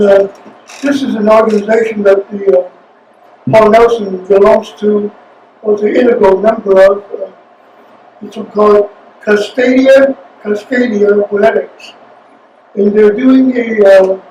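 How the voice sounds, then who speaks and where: A fairly high-voiced man from China reads his poems aloud and talks between them, pausing often and hesitating as he goes. The mic sits some distance away in an echoey room, and a faint hum sits underneath. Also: darkish tone, highs cut off. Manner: halting, many hesitations between phrases. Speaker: featured poet. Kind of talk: poetry reading with spoken asides. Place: reading venue. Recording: roomy sound from a distant mic, faint noise.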